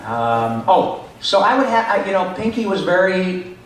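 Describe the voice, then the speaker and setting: A man, a voice actor, answering fan questions at a convention panel in an animated way, now and then slipping into character voices. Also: sits high, moderate pace, very noisy. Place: large echoey convention hall. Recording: echoey hall picked up from far off.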